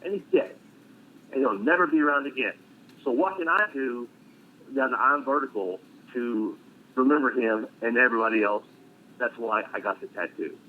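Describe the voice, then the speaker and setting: A middle-aged man swaps war stories in a blunt, profane way with dark humor. His voice sits in an ordinary middle register. It comes through a thin, phone-like line with a faint hiss behind it. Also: medium pitch, normal speed. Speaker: military veteran guest. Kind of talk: casual storytelling on a live stream.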